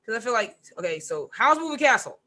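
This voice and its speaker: On a podcast, a comic writer and poet speaks quickly in a voice on the high side. The conversation is casual and lively, with lots of "like" and quotes she acts out.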